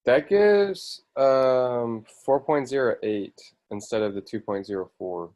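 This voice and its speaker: A man's voice: mid-range voice, measured pace, darkish tone. Male student giving brief answers. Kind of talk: answering in class over a video call. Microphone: computer mic on a video call.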